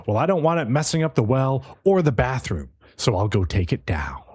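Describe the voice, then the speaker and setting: A man's voice: mid-range voice, very animated, normal speed, a little mellow, husky. A man doing a laid-back, simple frontier lord. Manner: laid-back, casual, swearing. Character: easygoing simple-minded male frontier lord.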